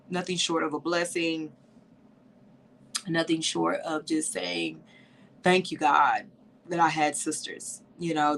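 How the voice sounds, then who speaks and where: A woman hosts a livestream talk for women, her voice teary and full of feeling as she speaks straight to her listeners. Her tone carries a gravelly vocal fry. A faint noise hangs in the background of the recording. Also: low voice. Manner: heartfelt, tearful, addresses listeners as y'all. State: teary, sniffling. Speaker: podcast host.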